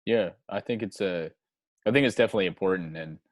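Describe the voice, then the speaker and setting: A young man talking as a guest in casual chat, halting and hedging, swearing casually. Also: low voice, no room sound. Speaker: guest, musician.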